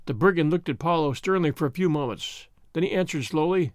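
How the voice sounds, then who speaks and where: A man narrating an adventure story aloud with expressive delivery. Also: fairly high pitch, fairly quick, hardly any pauses, no echo, studio quality. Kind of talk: storybook reading.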